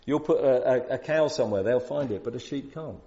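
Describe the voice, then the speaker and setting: Man preaching, mellow and lo-fi. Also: medium pitch, a little fast. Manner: conversational, rises to loud emphatic peaks. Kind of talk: sermon. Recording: dull lo-fi sound.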